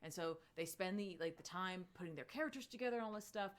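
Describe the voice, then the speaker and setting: A woman co-hosting a comics podcast, casually recapping a book in a chatty, filler-heavy way with lively swings in pitch. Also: fast.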